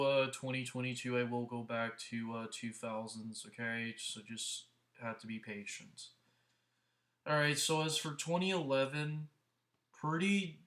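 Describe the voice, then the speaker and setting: Flat-voiced man rambling about movies. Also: medium pitch. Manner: rambling, earnest, with many restarts. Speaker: movie review host. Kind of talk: casual movie review vlog. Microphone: headset.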